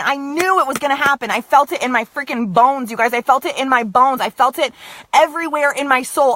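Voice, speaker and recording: A woman's voice: sits high, pushed and bright. A young woman giving a motivational talk to her viewers, emphatic and repetitive, often asking "okay, you guys?". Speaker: direct sales team leader.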